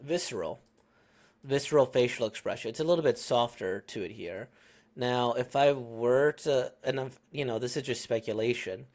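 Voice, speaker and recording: A man's voice: mid-range voice, normal speed, darkish tone. A man giving casual reaction commentary on a comic, musing aloud and hesitant, with lots of ums and self-corrections.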